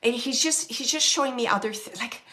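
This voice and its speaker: A woman medium gives a live reading, her voice bright and a little high. She speaks in halting bursts, circles back over the same words and fills the gaps with soft fillers while she relays what she hears. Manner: halting, repeats phrases, many fillers; relays messages, quotes the dead man. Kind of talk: live audience reading, thinking aloud.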